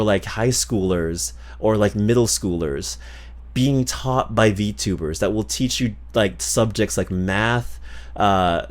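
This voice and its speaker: A man streaming live, chatting casually with his viewers in a playful, rambling way with lots of repeats and laughs. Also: fairly low pitch. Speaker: streamer reacting to videos and reading chat.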